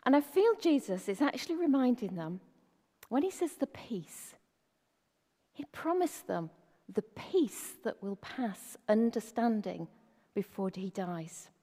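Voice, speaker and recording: A woman's voice: on the high side, sing-song, a little slow, warm tone. Woman preaching in a reverberant hall. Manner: conversational, asks rhetorical questions. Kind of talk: sermon.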